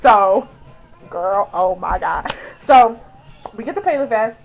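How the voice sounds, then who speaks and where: A young woman vlogger telling a story in a casual, chatty way, excitedly acting out quotes in higher voices. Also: slow pace, vocal fry, lo-fi sound.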